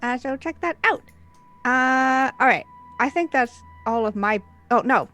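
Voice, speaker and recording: Soft music plays behind this woman game master as she kicks off her tabletop role-play stream with intros and announcements. Her high voice has a sharp tone and lively intonation, and she takes her time, staying upbeat and chatty with plenty of fillers.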